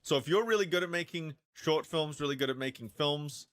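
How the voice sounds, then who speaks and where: A man talking on a livestream in a casual rant, often stammering and repeating words as he acts out both sides of imagined back-and-forth conversations. His voice is bright and forceful. The sound is dry and close. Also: on the high side, fairly quick, no room sound. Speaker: streamer discussing films.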